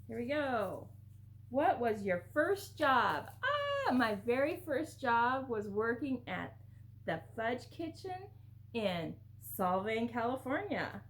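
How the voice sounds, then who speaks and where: A woman's voice: fairly high pitch, slight background noise. A woman vlogger chatting casually to camera while opening gifts, gushing and exclamatory.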